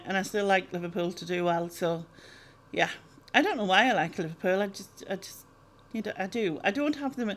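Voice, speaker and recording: A woman, chatting casually through a Q&A vlog, rambling with lots of ums and laughs. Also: mid-range voice. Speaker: YouTuber answering viewer questions.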